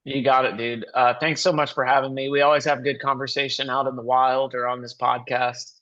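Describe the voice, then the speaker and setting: A man's voice: mid-range voice, level tone, brisk, fairly bright tone. Rambling male musician, muffled sound. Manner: rambling, many "like" fillers. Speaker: musician guest. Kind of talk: casual interview chat.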